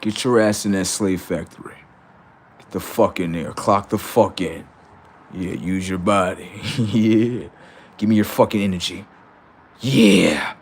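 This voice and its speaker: A man's voice: deep voice, fairly even intonation, measured pace, slight background noise. A man ranting on a livestream, profane and mocking, laughing often. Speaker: streamer. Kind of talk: casual livestream rant.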